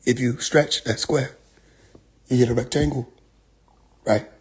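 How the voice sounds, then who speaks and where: A man's voice: medium pitch, steady tone, a little slow, a little mellow, breathy edge, pitched below the performer's own voice. A man doing an evasive rambling street preacher. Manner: circular pseudo-mystic rambling, keeps asking "correct?". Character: rambling male street book seller, evasive.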